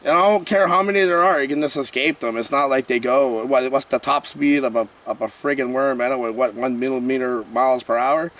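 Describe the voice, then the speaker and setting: A man's voice: mid-range voice, fairly even intonation, fairly quick, few pauses, a bit bright, recorded from a distance. A man giving a rambling, jokey horror movie review, breaking into panicked screaming skits. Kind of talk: comedic movie review vlog.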